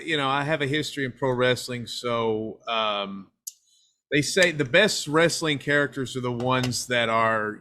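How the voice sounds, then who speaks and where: A man's voice: medium pitch, bright, forceful tone. Rambling, joking man guest. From Knoxville, Tennessee. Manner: rambling, self-deprecating joking. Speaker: guest filmmaker. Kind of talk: casual interview chat.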